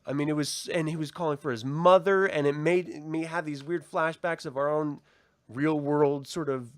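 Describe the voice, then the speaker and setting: A man's voice: on the high side, fairly even intonation, moderate pace, dry recording, clean studio sound. A man co-hosting a casual TV review chat, swearing freely, laughing often and acting out the characters' lines. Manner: profane, laughing, acts out quotes. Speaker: co-host reviewing a TV episode.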